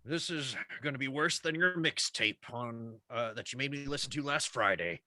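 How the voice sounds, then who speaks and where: A man's voice: medium pitch, normal speed, bright, forceful tone, dry recording, clean studio sound. A man playing a tabletop game, wry and drawn out when he speaks. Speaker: player.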